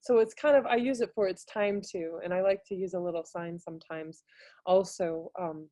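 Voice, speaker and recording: Mellow woman presenting on a video call. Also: moderate pace, no echo. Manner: casual and hesitant, many fillers, bursts into high singing demonstrations. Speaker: music teaching artist presenter. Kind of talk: webinar talk.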